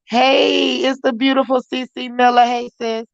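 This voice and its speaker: Welcoming viewers individually on her casual livestream, a middle-aged woman chats warmly in Southern-flavored slang, calling everyone "y'all" while her throat is still recovering. Her voice is high, level, gravelly and slightly slow, muffled by a troubled stream mic.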